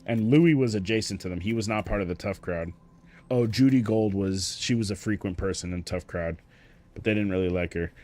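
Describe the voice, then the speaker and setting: A young man with a fairly low voice talks casually late at night, rambling and swearing as he goes. He restarts sentences often and coughs between thoughts, sounding worn out. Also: fairly quick, a little mellow. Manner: rambling, profane, frequent fillers and restarts. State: tired, coughing. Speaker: streamer. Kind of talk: casual late-night monologue about comedy.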